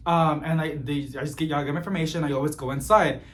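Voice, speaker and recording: A man telling a story in casual chat, expressive and growing exasperated as he vents. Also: fairly high pitch, fast. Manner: expressive, gets animated and exasperated while venting. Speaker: plant vlogger.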